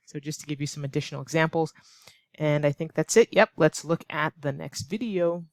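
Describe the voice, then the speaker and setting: Expressive American ESL teacher, woman. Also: brisk. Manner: expressive, acts out examples with big swings of pitch. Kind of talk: online English lesson.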